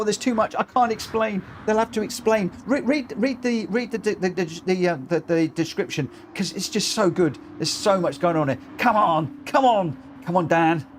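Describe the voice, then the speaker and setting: Excitable high-voiced man commentating. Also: slight background noise. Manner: excitable, shrieks and laughs as the race unfolds; cheers drivers on with repeated phrases. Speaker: racing game streamer. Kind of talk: live race commentary.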